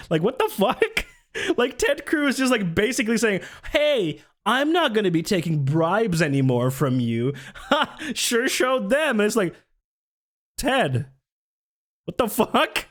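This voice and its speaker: A young man on a live stream, riffing on politics in a casual, sarcastic way. He swears freely, laughs at his own jokes and reads viewers' messages aloud. His voice sits a little on the higher side.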